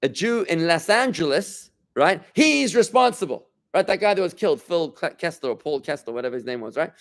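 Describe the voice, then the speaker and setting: A man's voice: on the high side, lively intonation, a little fast. A rabbi leads an informal class for a small group gathered in a room. He talks in a loose, conversational way, often restarting his sentences. He keeps turning to his listeners with questions.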